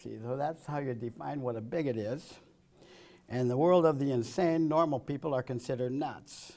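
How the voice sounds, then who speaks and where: A man giving a political speech full of jokes and one-liners, chuckling at his own punchlines and swinging between loud quips and low, muttered asides. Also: normal speed. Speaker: political speaker. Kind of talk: joke-filled political speech.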